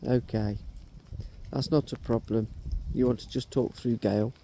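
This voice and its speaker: A middle-aged man leads a ghost hunt, asking spirits for their names and ages in slow, coaxing questions. His voice is very dark and mellow, with a gravelly fry running through it. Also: mid-range voice, fairly even intonation, a little hiss or hum. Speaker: paranormal investigator.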